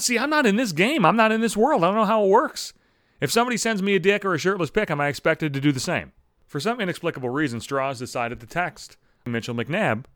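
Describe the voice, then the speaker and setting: A man hosting his own show, telling a profane comic story in an animated rant and swearing freely. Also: a little high, dry recording, studio quality. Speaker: host.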